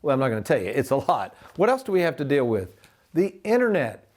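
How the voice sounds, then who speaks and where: A man's voice: mid-range voice, sing-song, fast, a little mellow. A man in his sixties hosting a retirement planning show, talking folksy and walking viewers through numbers. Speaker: financial advisor and show host.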